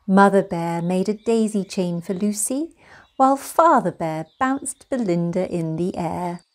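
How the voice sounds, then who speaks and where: A woman reading a children's picture book aloud, slow, gentle and expressive. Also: medium pitch. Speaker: storyteller.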